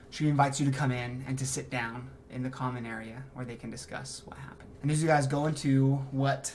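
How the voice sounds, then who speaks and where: A man running a tabletop game, narrating scenes in a relaxed, descriptive way and often restarting phrases. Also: medium pitch, slight background noise. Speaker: game master.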